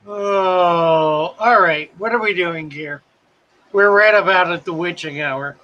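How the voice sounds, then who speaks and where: A man's voice: high-pitched, slow pace, highs cut off. A man from South Carolina, hosting a live fish-keeping stream and chatting as he reads out viewer comments. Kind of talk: casual live-stream chat reading comments.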